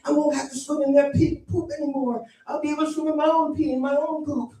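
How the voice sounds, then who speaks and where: A man voicing an excited little goldfish in a pet store who hopes to be adopted, squealing and giddy, in a stand-up comedy bit. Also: quick pace, heavy reverb, far from the mic, soft background music. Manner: squealing, giddy, high-pitched.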